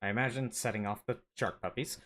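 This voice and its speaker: A player in a tabletop game, casual and quick to laugh as they describe their character. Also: mid-range voice, steady tone, fairly bright tone.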